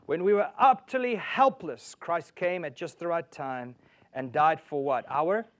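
A male preacher with a high voice delivers a sermon. He swings between booming emphasis and quiet, intimate storytelling. He keeps pressing his listeners with rhetorical questions. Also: a little slow. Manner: asks the audience rhetorical questions. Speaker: pastor.

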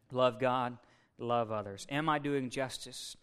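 A man preaching a sermon as pastor, building from measured and quiet to loud and excited. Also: medium pitch, smooth.

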